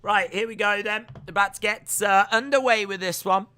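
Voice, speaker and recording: High bright man calling fights. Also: moderate pace, clear, resonant tone. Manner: steady play-by-play full of uh fillers. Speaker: live stream host and commentator. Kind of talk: live fight watch-along commentary. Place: home streaming setup.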